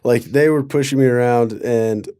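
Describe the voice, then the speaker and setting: A man's voice: mid-range voice, moderate pace, warm tone, smooth. A young man from Colorado telling a story on a podcast, loose and sarcastic, filling his talk with "like". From Colorado, USA. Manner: loose, sarcastic, heavy use of "like". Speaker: podcast guest. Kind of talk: casual storytelling.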